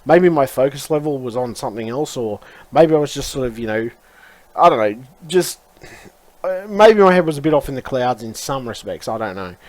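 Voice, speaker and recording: A man's voice: medium pitch, expressive, moderate pace, a little mellow, dry recording. A man vlogging in a rambling, frustrated way, swearing often and circling back on his words. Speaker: YouTuber. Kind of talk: casual rambling vlog.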